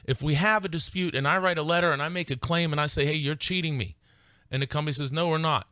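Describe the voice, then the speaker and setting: A middle-aged man hosts a legal advice radio program, pressing his points hard and repeating them for stress. His voice is bright and forceful. It is picked up close in a dry, dead studio. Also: on the high side, fairly even intonation, fast talker, no echo. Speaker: radio show host and attorney. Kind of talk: call-in style legal advice radio talk.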